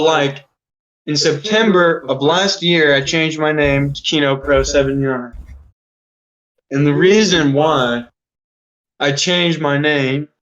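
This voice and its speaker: A man's voice: on the high side, fairly bright tone. A man in his thirties telling a long story casually as an interview guest, rambling, swearing often and filling his talk with "like". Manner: rambling, swears a lot, many "like" fillers. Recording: dull lo-fi recording.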